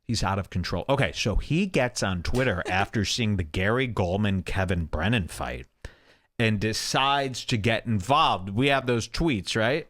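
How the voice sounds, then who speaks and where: A man's voice: on the low side, expressive, measured pace, a bit bright. A man hosting a podcast, rambling through casual commentary with crude, sarcastic jokes. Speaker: show host.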